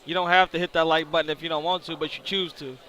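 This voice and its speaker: A man's voice: on the high side, little pitch movement, fast talker, bright, forceful tone, a little hiss or hum. A man doing color commentary at a bowling event, joking playfully with his booth partners. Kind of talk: live sports commentary.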